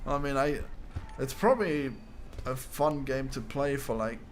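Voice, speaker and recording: A man streams a game at his desk and chats in a relaxed, laid-back way. He laughs often and swears casually, and his voice sits at an ordinary middle pitch. A faint hiss of noise runs under the recording. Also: takes it slowly. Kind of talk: casual stream chat while gaming.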